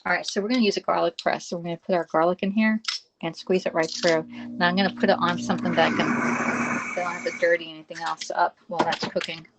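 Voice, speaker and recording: A woman's voice: fairly low pitch, fairly even intonation, fast talker, background noise. Chatty Southern-accented woman in her fifties. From Pennsylvania. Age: 50s. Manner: chatty, talks to herself and viewers while cooking. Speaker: cooking livestream host. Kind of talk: casual live cooking demo. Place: home kitchen.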